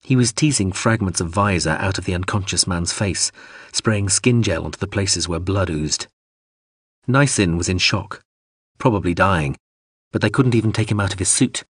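Brief: very low, husky male narrator, dry close mic, measured reading. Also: no room sound. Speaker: audiobook narrator. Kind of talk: scripted narration.

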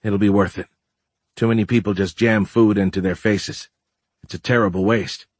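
A man voicing a calm, wry man who speaks in a dry, measured way, in an audiobook. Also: fairly low pitch, no echo, lightly acted.

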